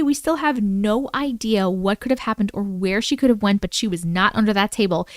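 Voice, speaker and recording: Lady livestreamer chatting w her viewers, super excitable, smooth clear voice, dry close sound. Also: medium pitch, brisk, hardly any pauses, dry recording. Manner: excitable, exclamatory, reacts to viewer comments. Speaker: livestream host reading viewer stories. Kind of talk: casual livestream chat.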